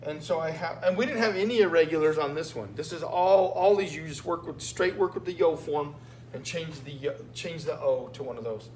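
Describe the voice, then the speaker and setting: A man's voice: on the high side, a little fast. A man teaching Spanish, walking his students through a written exam with patient, repetitive explanations and frequent "okay?" check-ins. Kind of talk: recorded lesson going over a written exam. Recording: echoey room with faint hum.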